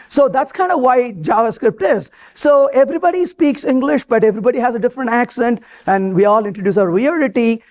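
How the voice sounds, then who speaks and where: A man giving a live technical talk at a conference, lively and joking, asking the audience questions. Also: high-pitched. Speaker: conference speaker. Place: conference hall before an audience.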